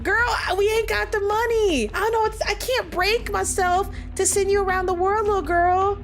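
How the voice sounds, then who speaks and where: Brief: woman playing a blunt, sassy broke father in a game, voice pushed up high. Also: fairly even intonation, normal speed, faint music behind. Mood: scolding. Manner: sassy, scolding.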